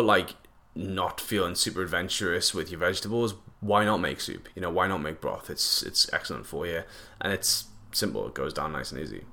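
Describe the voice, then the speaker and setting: A man's voice: low voice, pushed and bright. A young man, chatting casually and jokily to camera, rambling with lots of fillers and slang. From northeast England.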